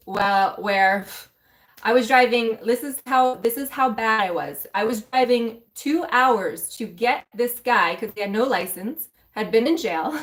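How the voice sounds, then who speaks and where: A woman mentor and coach candidly telling her own story to viewers on a live stream, emotional and speaking straight to them in a loose, conversational way. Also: mid-range voice. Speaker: mentor and spiritual coach for women.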